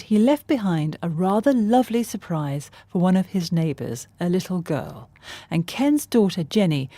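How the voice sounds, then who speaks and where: News host, woman, lowish voice, measured scripted reads, dry studio. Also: a little mellow, no room sound. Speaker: news presenter. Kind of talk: news presenting.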